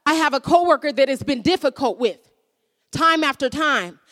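A woman's voice: high-pitched, normal speed, a bit bright. A woman preaching a sermon, earnest and repeating phrases for emphasis. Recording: long hall reverb.

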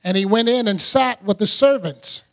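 Guy preaching a bible lesson, pretty high voice, chatty and laughs a lot. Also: normal speed, a bit bright. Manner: chatty, laughs often, acts out scenes. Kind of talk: conversational Bible teaching.

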